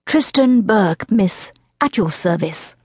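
A woman's voice: medium pitch, expressive, takes it slowly, a little mellow, breathy edge, no room sound, clean studio sound. A woman narrator voicing a skinny, awkward twelve-year-old boy in an audiobook. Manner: shy then proud.

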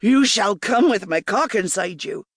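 A woman's voice: mid-range voice, a little slow, fairly bright tone, no room sound, studio quality. Woman voicing an urgent, coaxing male lover. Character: ardent adult man, lover.

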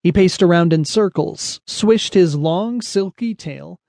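A man narrating a children's picture-book story with a lively, expressive storytelling delivery. His voice sits a little high for a man. The studio recording is close and dead dry. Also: slow pace, vocal fry, no echo. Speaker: audiobook narrator.

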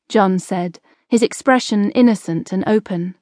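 A woman narrating a historical novel audiobook in a measured, expressive storytelling manner. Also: fairly low pitch, no echo, clean studio sound.

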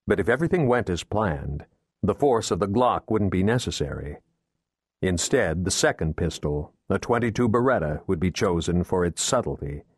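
A man reading a thriller audiobook in steady, measured scripted narration, recorded on a close studio mic. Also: deep voice, husky, no room sound. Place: recording booth.

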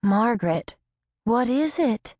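A woman voicing a warm, excitable middle-aged female neighbor who talks in an effusive, breathy way. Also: a little high, takes it slowly, dry recording, clean studio sound, voice pushed up. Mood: alarmed.

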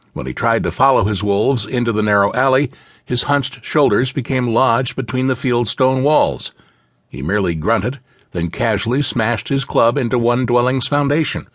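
A man narrating a fantasy novel in a vivid, expressive storytelling style. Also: medium pitch, no room sound. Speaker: audiobook narrator. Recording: dry studio audiobook.

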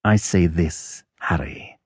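A man's voice: steady tone, slightly rough, no room sound, studio quality, exaggerated voice. A man voicing a mocking, malicious young lord. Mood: sneering. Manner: slow, low, sneering. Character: young nobleman, the mocking, malicious elder brother. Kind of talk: audiobook character voice.

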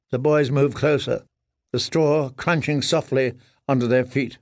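A man narrating an audiobook in a measured, grave storytelling manner. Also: mid-range voice, steady tone, a little mellow, no room sound, clean studio sound. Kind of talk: scripted narration.

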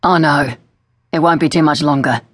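A woman's voice: deep voice, normal speed, dry recording. A woman voicing a brutish male police detective who talks in a soothing, patronizing way.

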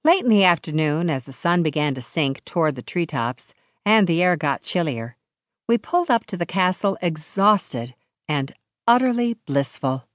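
A woman narrating a novel in the first person, with a measured, expressive storytelling delivery into a close studio mic. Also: lowish voice, no echo. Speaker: audiobook narrator.

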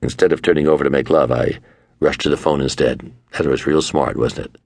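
Very deep gravelly older man. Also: fairly even intonation, fairly quick, darkish tone, dry recording. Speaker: author narrating his memoir. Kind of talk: audiobook memoir narration. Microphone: close studio mic.

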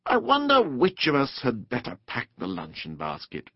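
A man voicing a cheerful, confident male water rat who talks in a brisk, hearty, chummy way in a storybook reading. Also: medium pitch, huge pitch swings, no room sound. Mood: chatty. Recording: dull dry studio recording.

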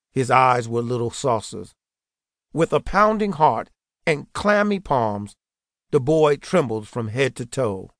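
A man narrating an audiobook in a steady, earnest way. His voice sits at an ordinary middle pitch. It is recorded close and dry, with no room sound at all. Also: no room sound.

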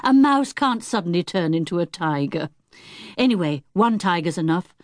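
Woman reading as an assured eldest brother, wry, expressive, dry close recording. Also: fairly low pitch, moderate pace, dry recording, lightly acted. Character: confident sensible eldest teenage brother. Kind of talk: audiobook character voice.

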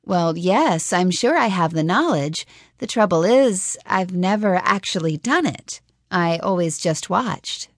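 A woman's voice: lowish voice, expressive, a little slow, no echo, studio quality. A woman voicing an earnest, practical young woman in a fantasy audiobook, speaking in a reasoning, slightly unsure way. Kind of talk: audiobook character voice.

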